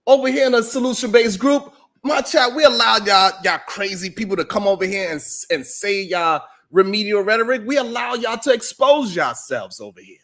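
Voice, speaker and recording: High-voiced joking male stream host. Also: lively intonation, normal speed, fairly bright tone. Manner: joking, boastful, laughs often. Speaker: livestream show host. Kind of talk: casual livestream monologue.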